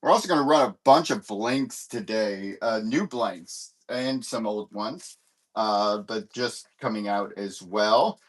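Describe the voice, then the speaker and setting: Hosting a live comic book sale, a man chats casually and rambles with plenty of fillers while hunting for stock. His voice is lowish and he takes things slowly.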